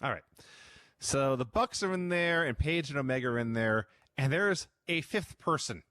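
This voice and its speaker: A man's voice: mid-range voice, lively intonation, moderate pace, pushed and bright, no room sound. A man co-hosting a podcast in casual chat, telling a show's events as a running recap. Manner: storytelling recap, amused. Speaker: podcast co-host.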